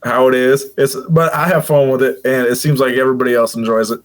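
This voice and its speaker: A man's voice: flat delivery, fast. A man from the Midwest chatting casually as a podcast guest, laid-back and a little rambling. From American Midwest. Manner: laid-back, drops into a deep announcer voice at times. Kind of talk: casual chat.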